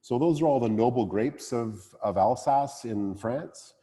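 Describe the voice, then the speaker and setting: A man's voice: mid-range voice, a little slow, warm tone, long reverb tail. A man, a winemaker, speaking casually at a wine tasting, with many fillers and restarts. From Canada.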